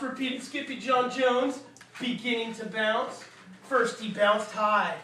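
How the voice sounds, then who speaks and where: A woman reading a picture book aloud to children, unhurried, with chatty asides to her listeners. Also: fairly high pitch, fairly bright tone. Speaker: storybook reader. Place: room with live listeners. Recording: echoey room, reader far from mic, faint hiss.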